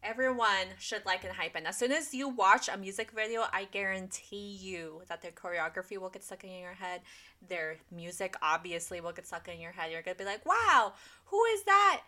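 A woman's voice: fairly low pitch, steady tone, fairly quick, sharp tone. A young woman co-hosting a casual chat, playful, acting out her own reactions with big emphasis. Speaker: podcast co-host.

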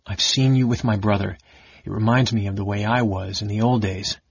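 Gruff troubled warrior as a male narrator voices him, low and husky, dull dry audiobook sound. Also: steady tone, fairly quick, dry recording. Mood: wistful. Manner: gruff, pleading, grows loud. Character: burly male warrior, troubled and quick-tempered.

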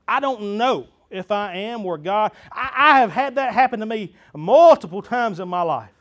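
A man preaching a sermon to his church, earnest and building to fervent emphasis, with stammered restarts. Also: sits high. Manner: repeats himself and stammers on restarts.

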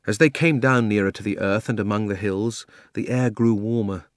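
A man narrating a children's audiobook with measured storytelling. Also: on the low side, steady tone, no echo, clean studio sound. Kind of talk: scripted narration.

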